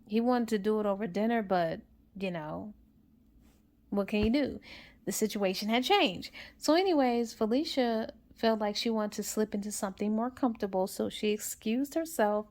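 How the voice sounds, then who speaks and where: A woman casually retelling a novel's plot for a book review, in a rambling, chatty way. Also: medium pitch.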